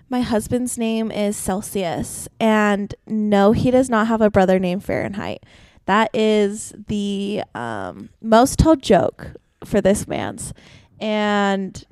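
A woman's voice: medium pitch, darkish tone, clean tone, no echo. A woman in her twenties from Utah co-hosting a podcast in bubbly, giggly casual chat. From Utah, USA. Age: 20s. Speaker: podcast co-host.

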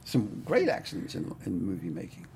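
A man's voice: deep voice, wildly swooping pitch, a little fast, creaky, a little mellow, a little hiss or hum. An older man, a cinematographer, telling stories in a casual interview, rambling with plenty of "I mean" and "you know".

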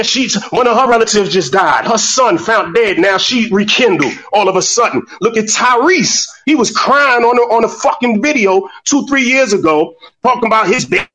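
Angry, high-voiced man on a phone line, profane and repetitive. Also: a bit bright. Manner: fiery, profane, repeats words when worked up. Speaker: speaker in an online voice room. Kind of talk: impassioned rant. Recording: distant, breaking-up phone audio.

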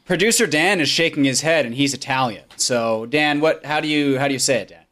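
A man's voice: fairly high pitch, fairly quick, a bit bright. A man hosting a podcast over a remote call, bantering and teasing with puns in casual chat.

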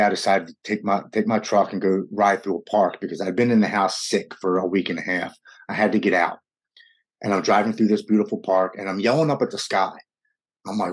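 A man's voice: sits low, breathy edge. A man in his forties telling a personal recovery story in conversation, earnest and emotional, often stumbling and restarting his words. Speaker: guest sharing a recovery story.

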